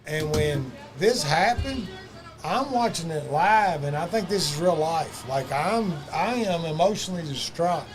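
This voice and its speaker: A man telling loose, profane wrestling stories in a casual chat, full of fillers and asides. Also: fairly high pitch. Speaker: wrestling podcast guest.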